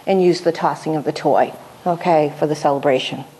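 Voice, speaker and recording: A woman's voice: low-pitched, brisk, warm tone, a little hiss or hum. A middle-aged woman dog trainer giving an instructional demonstration, explaining each step and checking in with her listeners.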